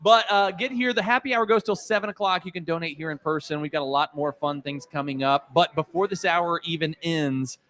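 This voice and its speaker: Male co-host, higher voice with a bright edge, playful live-show banter. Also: brisk, hardly any pauses. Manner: jokey, animated, hosting. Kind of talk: casual live-stream banter. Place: event venue with live audience.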